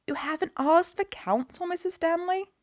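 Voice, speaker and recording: A woman voicing a gentle, soothing young woman who speaks softly. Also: very high-pitched, moderate pace, pitched above the performer's own voice.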